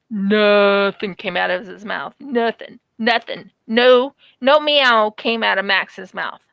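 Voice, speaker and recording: A high-pitched woman tells childhood stories at an easy, slow pace. She is animated and acts out the quotes in her stories, and her voice sounds close and dry. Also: no room sound. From United States. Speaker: craft channel vlogger. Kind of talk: casual storytelling while crafting.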